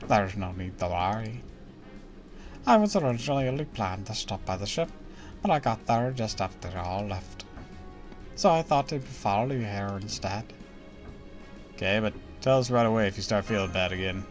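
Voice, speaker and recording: A man voicing a calm, gentle woman recovering from illness in a game, reading her lines softly and reassuringly on a stream. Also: fairly low pitch, normal speed, pauses often, soft background music, natural voice. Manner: soft, quiet, reassuring.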